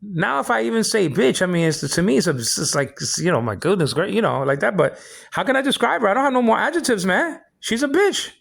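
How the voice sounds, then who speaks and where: Man, high gravelly voice, rambling indignant rant full of stammered restarts. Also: big pitch swings, fast talker. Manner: indignant complaining. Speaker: vlogger. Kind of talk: ranting personal monologue.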